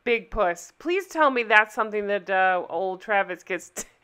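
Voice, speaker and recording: A woman's voice: mid-range voice, expressive, normal speed, pushed and bright, clean tone. A woman hosting a casual reaction video, sarcastic and laughing often as she comments into her microphone. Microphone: desk microphone.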